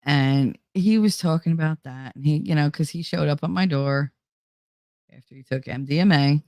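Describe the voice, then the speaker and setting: A woman's voice: deep voice, normal speed, darkish tone, no echo. Woman, 40s, host: blunt and profane casual storyteller, dry close sound.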